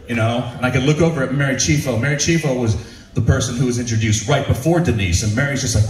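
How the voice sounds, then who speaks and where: A man's voice: mid-range voice, fast talker, noisy background. A man telling comic stories to a live audience, laughing often and acting out the voices of people in his stories. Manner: animated, laughs often, acts out quotes. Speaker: comedic storyteller presenting his own show. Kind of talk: stand-up storytelling to a live audience. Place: ship's show venue. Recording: roomy hall, distant mic, faint ambience.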